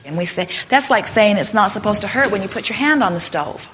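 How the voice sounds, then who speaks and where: A woman speaking to a live workshop audience in a plain, mid-pitched voice. She explains with steady emphasis and often acts out short quoted lines. Her delivery is that of an experienced teacher fielding questions. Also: brisk, noisy background. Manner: emphatic and explanatory, often saying "in other words" and "you see".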